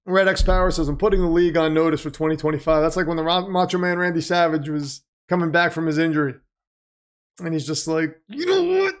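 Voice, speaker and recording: A man's voice: a little high, fairly even intonation, fast. A middle-aged man hosting a livestream, chatting casually, reading out donations and chat messages and calling game plays. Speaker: livestream host.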